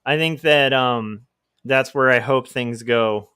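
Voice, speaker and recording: A man's voice: mid-range voice, takes it slowly, pushed and bright, smooth, dry recording, clean studio sound. A man hosting a livestream as a comic artist, chatting casually in a rambling, self-deprecating way.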